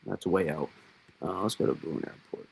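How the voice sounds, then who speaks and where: Gravelly low-voiced man with a Massachusetts accent. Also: slight background noise. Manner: thinking aloud, halting, many fillers. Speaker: weather stream host. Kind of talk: casual live weather analysis.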